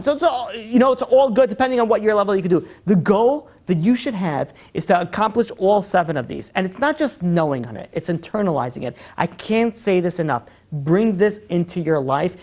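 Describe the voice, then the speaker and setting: Fast-talking man teaching a class. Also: high voice. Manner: animated, chatty, full of "you know". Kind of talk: lively lecture to a live group.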